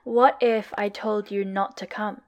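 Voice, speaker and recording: A woman's voice: medium pitch, steady tone, measured pace, dull audio, lightly acted. A woman voicing a sly young man who teases in a pouty, mock-sweet way, in a podfic reading. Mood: teasing. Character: teasing, sly young man, playfully cruel.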